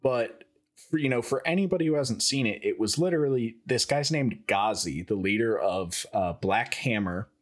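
A man's voice: mid-range voice, animated, normal speed. A man co-hosting a podcast in casual chat, chatty and joking, rambling through his points. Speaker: podcast co-host.

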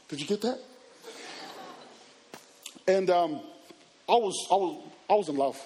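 A man telling personal stories to a live audience, animated and acting out scenes and voices. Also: sits high, measured pace, long pauses, slight background noise. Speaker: youth speaker. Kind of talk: storytelling talk to an audience.

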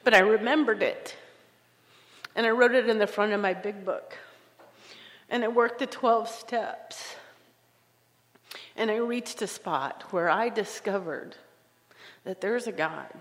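A woman's voice: medium pitch, takes it slowly, long pauses. A woman speaking at a recovery conference, sharing her story with candid, self-mocking humor. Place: conference hall. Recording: live talk in a reverberant hall.

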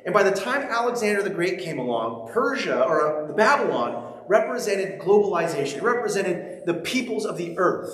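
A man's voice: high-pitched, big pitch swings, moderate pace, few pauses, a bit bright. A man preaching a sermon, reading scripture and then talking with the congregation in a conversational, humorous way, often checking in with them. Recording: very echoey large hall.

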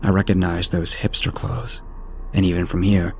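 A man narrating a horror story in a steady, ominous storytelling manner. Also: low voice, normal speed. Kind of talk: scripted narration. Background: faint music.

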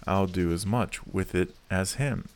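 A man voicing a surly young male journeyman blacksmith who talks gruffly and growls. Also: sits low, unhurried.

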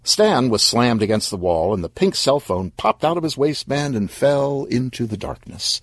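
A man narrating an audio story in a vivid, expressive way. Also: medium pitch, normal speed, dry recording, clean studio sound.

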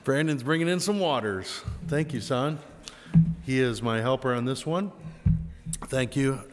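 A man's voice: mid-range voice, measured pace, faint music behind. A man hosting a podcast interview at a camp, friendly and eager, with lots of affirming interjections. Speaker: podcast host. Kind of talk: casual interview chat. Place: indoors at a summer camp. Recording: roomy echo with long reverb.

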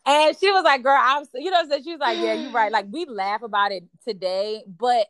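A woman chats casually and tells a story, slipping into the voices of people she quotes. Her voice sits a bit high and is recorded close and dry, with no room sound. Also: fairly quick, no echo. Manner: animated, acts out quoted dialogue, frequent fillers.

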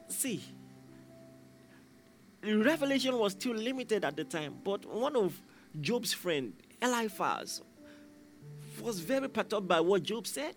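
A man's voice: high-pitched, animated, moderate pace. A man preaching a sermon, emphatic and repeating key phrases, raising his voice when he acts out quoted lines. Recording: faint instrumental music behind.

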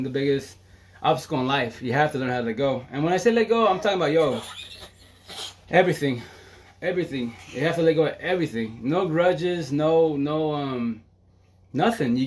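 A man talking fast on a casual live stream, excitable and slangy, swearing freely and filling his talk with "you know". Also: a little high. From Seattle area. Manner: fast, excitable, slangy and profane with constant fillers. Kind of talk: casual Facebook Live monologue.

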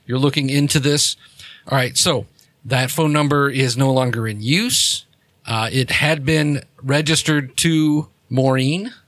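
A man at a mid pitch running a tabletop game as game master. He talks in an easy, relaxed way, often restarting his sentences. The sound is dry and close. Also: unhurried, dry recording.

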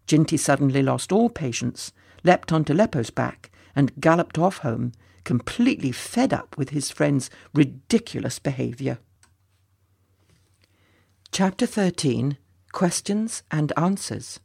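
Gravelly, husky storybook narrator. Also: medium pitch, lively intonation, a little slow, darkish tone, dry recording, clean studio sound. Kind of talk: storybook reading.

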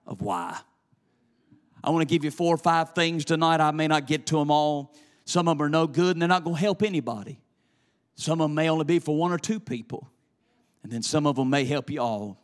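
A male preacher delivering a sermon in a chanting, sing-song cadence that swells into shouts. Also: a little high.

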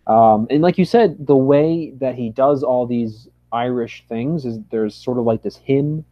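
A man as a podcast guest, talking hesitantly with lots of ums and sometimes humming a tune. The recording is dry and a little dull. His pitch sits in an ordinary middle range. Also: unhurried, no echo. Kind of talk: casual podcast interview.

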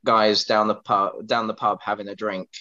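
A man's voice: fairly low pitch, flat delivery, normal speed, pushed and bright, muffled recording. A man, co-hosting a podcast in casual, earnest chat that rambles with restarts. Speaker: podcast co-host.

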